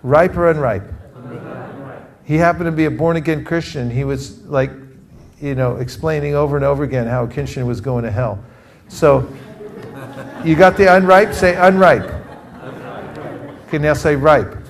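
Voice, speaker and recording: A man from California teaching a live group in an energetic workshop style, calling for responses from the audience. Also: mid-range voice, moderate pace, creaky. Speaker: teacher leading a training session. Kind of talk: interactive workshop talk.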